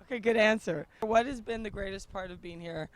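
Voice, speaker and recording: A woman from Canada doing a playful, teasing sideline interview outdoors, with jokey loud bursts. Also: medium pitch, a little fast. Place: outdoor sports complex.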